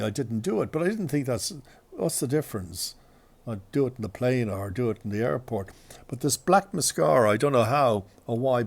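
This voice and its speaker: A man's voice: medium pitch, gravelly, darkish tone. A male radio host telling embarrassing stories in a chatty, self-deprecating, rambling way. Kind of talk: anecdotal storytelling.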